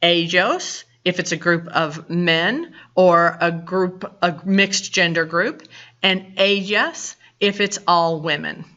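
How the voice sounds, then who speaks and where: Southern lady teaching spanish, real slow and patient, bright voice, kinda muffled recording. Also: on the low side. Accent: Southern American. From American South. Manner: patient, explains step by step with reminders. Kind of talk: recorded lecture.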